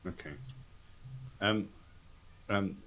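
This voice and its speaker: Male player, very low-pitched, casual and tentative, slight background noise. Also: fairly even intonation, drawn-out words, fairly bright tone. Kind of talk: casual chat.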